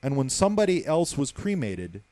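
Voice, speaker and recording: A man, a hospital security guard, telling stories casually on a talk show, profane and animated, leaning on the word basically. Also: mid-range voice, normal speed, dry recording. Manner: profane, animated storyteller, many fillers like "basically".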